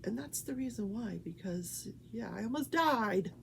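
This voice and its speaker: A woman's voice: fairly high pitch, expressive, measured pace, gravelly, a little hiss or hum. An older woman hosting a casual morning talk show, chatting in a rambling way. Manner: chatty, rambling, breaks off to coo at her pets. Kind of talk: casual chat.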